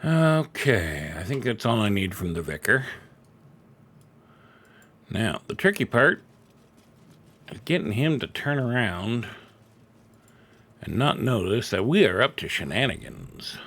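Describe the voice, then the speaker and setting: A man's voice: fairly low pitch, sing-song, takes it slowly, pauses often, a bit bright. A middle-aged man streaming a video game, chatty and self-deprecating as he talks into a desk microphone at home. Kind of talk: casual live-stream commentary.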